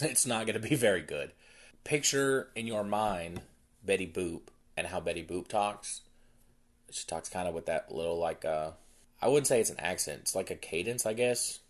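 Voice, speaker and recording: A man hosting a podcast, casually retelling a film's plot in a loose, rambling way full of fillers. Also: low-pitched. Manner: rambling, filler-heavy storytelling. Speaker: podcast host. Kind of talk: casual movie recap.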